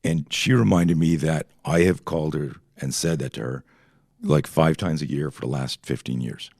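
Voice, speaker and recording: Very deep, gravelly man telling rambling stories. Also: normal speed, darkish tone, no echo, clean studio sound. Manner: profane, rambling, full of tangents. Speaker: podcast guest, self-defense instructor. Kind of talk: casual storytelling chat.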